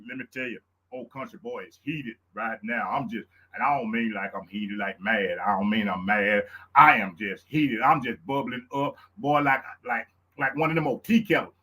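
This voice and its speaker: A man with a Louisiana Southern accent hosting his own live show, hyped and preacherly, repeating lines and whooping up high. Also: normal speed, bright, forceful tone. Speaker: show host. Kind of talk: excited live-stream talk.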